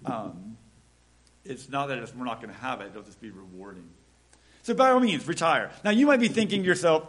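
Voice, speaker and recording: A man's voice: fairly high pitch, very animated, fairly bright tone, slightly rough. Conversational man preaching a casual sermon. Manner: conversational, acts out little dialogues, slows for scripture. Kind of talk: casual sermon with Bible reading.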